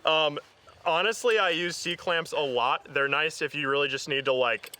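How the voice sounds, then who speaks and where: A man's voice: on the high side, moderate pace, pushed and bright. A man hosting an off-road show, walking through his tool kit in a casual, upbeat way, laughing often and using lots of fillers. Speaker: host of an off-road vehicle show.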